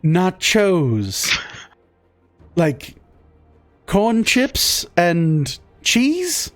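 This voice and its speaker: A man's voice: high voice, wildly swooping pitch, a bit bright, no room sound, faint music behind, pitched above the performer's own voice, heavily acted. A man doing a courtly fine-dining waiter. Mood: genteel. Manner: courteous, slightly drawn-out salesman patter. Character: polished, formal male fine-dining waiter.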